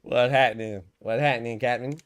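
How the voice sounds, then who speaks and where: Fast-talking stuffed-up male podcast host. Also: mid-range voice, fairly even intonation, clear, resonant tone. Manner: rambling, repeats words, talks to chat. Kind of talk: casual boxing podcast chat.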